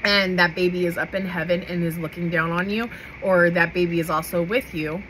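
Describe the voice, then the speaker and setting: A woman's voice: on the low side, steady tone, fairly quick, a bit bright, a little hiss or hum, low-quality recording. A woman giving a casual tarot reading to camera, chatty and emphatic, often checking in with "okay?" and laughing. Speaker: tarot reader.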